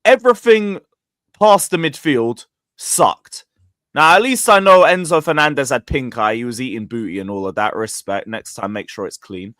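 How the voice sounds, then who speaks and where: A man's voice: medium pitch, a little fast, hardly any pauses, bright, forceful tone, no echo. A man hosting a casual football stream, frank and ranting, with swearing.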